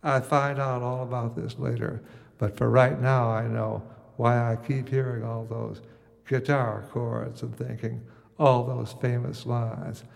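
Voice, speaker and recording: A man's voice: mid-range voice, little pitch movement, a little slow, gravelly, big-room sound. An older man from the United States telling a wry, musing first-person story.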